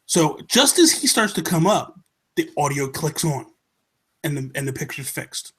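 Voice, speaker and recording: American guy on a podcast, slightly high voice, acts out everyone in his story. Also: big pitch swings, normal speed, fairly bright tone, slightly rough. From United States. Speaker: podcast co-host. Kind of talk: casual chat, telling a story.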